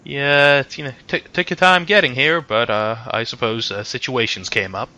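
A man's voice: medium pitch, steady tone, normal speed, sharp tone, voice pushed up. A man doing a breezy silver-haired old man. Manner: pleasant, breezy, folksy. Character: cheerful unflappable silver-haired older man.

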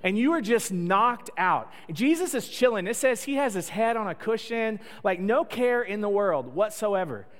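A man's voice: high-pitched, animated, moderate pace, hardly any pauses. A man preaching a sermon in a conversational, joking storytelling way. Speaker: pastor. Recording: long echo of a large hall.

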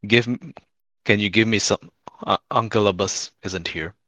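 A man role-playing his character in a tabletop game, speaking in a quiet, earnest way. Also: lowish voice, normal speed, dry recording. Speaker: player.

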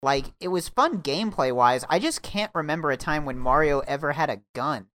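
A man's voice: a little high, animated, brisk, a bit bright. A man hosting a casual, joking game-review podcast, leading the talk and moving it along. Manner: leads the talk, loose and joking. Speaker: podcast host.

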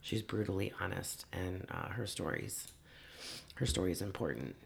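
A man with a low, gravelly voice and a lot of fry. He speaks earnestly and haltingly, starting over mid-sentence as he chats in a podcast conversation. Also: lively intonation, noisy background. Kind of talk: casual conversation.

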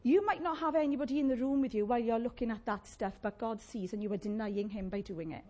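Woman, preacher, sermon, breathy voice, a bit high, lively asides. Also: fast. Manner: animated, conversational, playful asides to the congregation.

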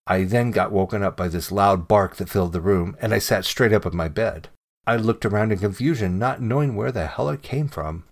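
A man reading a submitted true ghost story aloud in calm, measured narration that drops to a hush at times. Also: lowish voice.

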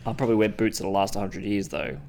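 A man's voice: lowish voice, quick pace, creaky, mellow. A man co-hosting a podcast, improvising a role-play in a laid-back, hesitant way. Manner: laid-back, hesitant, frequent ums and laughs. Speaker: podcast co-host.

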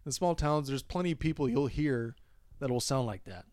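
A man's voice: medium pitch, moderate pace, darkish tone, no echo. A man in his thirties from Minnesota with a Minnesota accent, chatting casually as a podcast co-host, talkative and laughing easily. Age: 30s. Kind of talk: casual chat.

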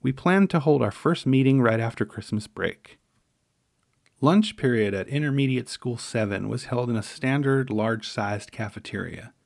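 Middle-aged man, wry memoir narrator, gravelly voice, dry close recording. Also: medium pitch, no room sound. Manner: wry, measured, dryly humorous. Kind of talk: memoir storytelling.

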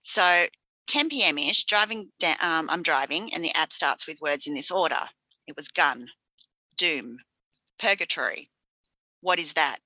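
A woman's voice: deep voice, animated, unhurried, sharp tone, no echo, muffled recording. A woman hosting a casual conversation, telling her own ghost stories in a chatty, laughing way. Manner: chatty, laughing, matter-of-fact storyteller. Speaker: podcast host. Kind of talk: casual chat.

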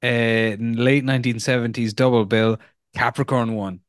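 Man, podcast co-host, casual joking banter, mid pitch, dry close sound. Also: little pitch movement, moderate pace, smooth, no room sound. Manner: joking, teasing, laid-back. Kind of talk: casual chat.

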